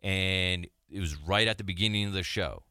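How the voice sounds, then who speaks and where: A man hosting a podcast, telling animated stories in casual chat and laughing often. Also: sits low, moderate pace, clean tone, dry recording, studio quality. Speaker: podcast host, former radio sidekick.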